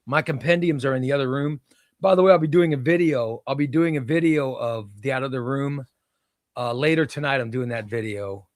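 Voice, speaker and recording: A man's voice: mid-range voice, fairly quick. A man chats casually on a comic book livestream from a room at home. His voice sits in a middle register and the sound is dry and close, with no room echo. He rambles, restarts his sentences and answers viewer comments as they come in. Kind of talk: casual live-stream chat.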